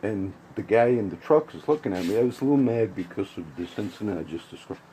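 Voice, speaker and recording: A man's voice: lowish voice, animated, fast, dark tone, a little hiss or hum, low-quality recording. A man giving a casual, rambling spoken commentary with frequent restarts and asides. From grew up around Puerto Rican and Cuban friends.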